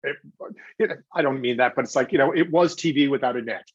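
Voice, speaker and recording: Husky, animated storyteller. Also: male voice, mid-range voice, no room sound, dull audio. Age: 40s or older. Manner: animated storyteller acting out quotes, quick restarts. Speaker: guest, television host. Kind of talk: anecdotal interview talk.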